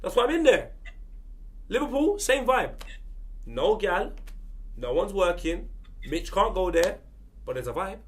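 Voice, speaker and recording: A man's voice: sits high, measured pace, long pauses. A man joking and telling stories in football panel banter. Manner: animated storytelling, teasing. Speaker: panel regular.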